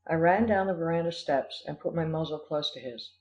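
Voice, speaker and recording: Man reading an audiobook, somewhat high voice. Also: brisk. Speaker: audiobook narrator. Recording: dull lo-fi recording.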